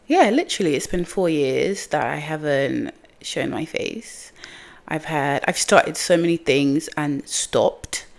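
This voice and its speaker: Young female vlogger, candid and rambling, animated delivery, slightly low voice. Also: takes it slowly, vocal fry. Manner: candid, rambling, self-mocking. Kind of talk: candid casual vlog. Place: outdoors in the sun, windy.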